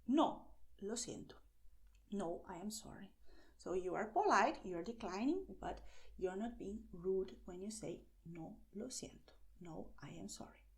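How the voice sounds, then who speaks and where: A woman who teaches language beginners, speaking with patience and lots of small "well" pauses. Her voice is mellow and soft-edged, sitting in a middle pitch, and she slows right down whenever she models a phrase.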